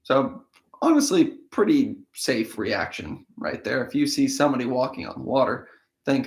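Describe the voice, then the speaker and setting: A man with a slightly hoarse voice from a cold, reading a Bible passage and thinking aloud about it in a casual, conversational way. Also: mid-range voice, lively intonation, moderate pace. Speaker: host of a daily Bible reading show. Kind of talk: casual scripture reading with commentary. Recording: echoey room.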